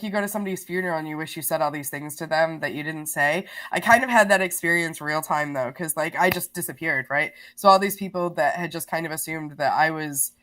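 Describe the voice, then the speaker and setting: Brief: woman podcast guest, lower voice, lively storyteller who laughs a lot. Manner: animated, laughs often, many restarts. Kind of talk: casual storytelling.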